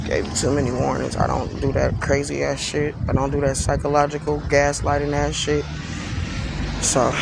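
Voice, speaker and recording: A man's voice: mid-range voice, creaky, heavy background noise. A man on a live stream, sarcastically repeating himself in an exasperated rant at someone who accused him.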